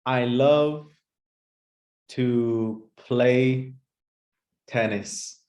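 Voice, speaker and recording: A man playing an English teacher, calling on students and giving brisk, upbeat praise. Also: medium pitch, fairly even intonation, darkish tone. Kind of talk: playful classroom sketch.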